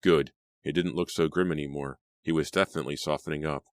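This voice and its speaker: A man narrating an audiobook in a steady storytelling manner. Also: extremely low pitch, fast, dry recording.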